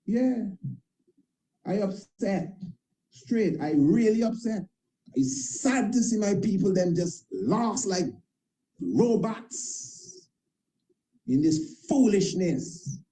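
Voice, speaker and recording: A man's voice: high voice, big pitch swings, slow pace, creaky, long pauses, warm tone, poor audio. A man speaking as a priest in an impassioned monologue, emphatic and repetitive, with informal grammar and frequent tag questions. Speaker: priest and internet show host. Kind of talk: impassioned talk-show monologue.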